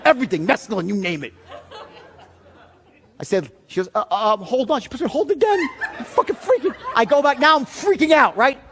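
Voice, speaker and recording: A man telling a story in a seminar talk, animated and profane, often shouting as he acts out the scene. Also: high-pitched, a little fast, long pauses, a faint crowd, slight background noise. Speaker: sales trainer.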